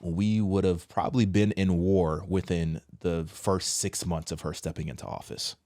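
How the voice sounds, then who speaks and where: Casual low-voiced man ranting to camera. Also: moderate pace, no echo, studio quality. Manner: animated, swings between loud outbursts and low quiet asides; casual slangy address, says bro. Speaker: commentary host. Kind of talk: opinion commentary monologue.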